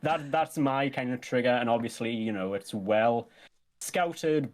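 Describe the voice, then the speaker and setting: A man's voice: medium pitch, measured pace. A man, a guest in casual comedy chat, joking and laughing often. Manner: animated, jokey, laughs a lot.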